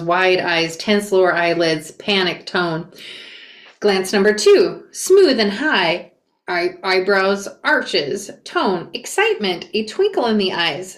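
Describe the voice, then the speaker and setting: A woman reading a memoir aloud and breaking off for quick asides and self-corrections. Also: medium pitch. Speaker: reader reacting to a memoir. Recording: roomy echo.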